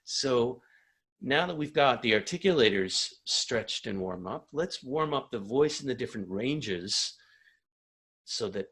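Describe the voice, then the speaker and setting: A man leading a singing warm-up as a vocal coach, calm and encouraging. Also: mid-range voice, measured pace, husky.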